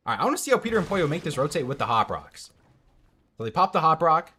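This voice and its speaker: A man's voice: a little high, big pitch swings, fast talker, sharp tone, husky. A young man streaming from home into a headset mic, casually commenting on a match and answering chat. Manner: chatty, reads out and answers chat.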